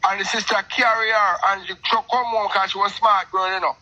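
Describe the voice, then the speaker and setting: A middle-aged Jamaican man telling a long personal story in patois, animated and talkative, calling in to a show. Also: sits high, a little fast, dull audio. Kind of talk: casual storytelling on a call-in show.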